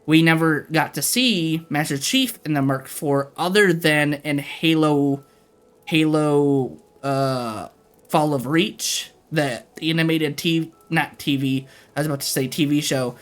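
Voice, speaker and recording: A man's voice: fairly high pitch, measured pace. A man livestreaming, ranting casually and profanely to his chat.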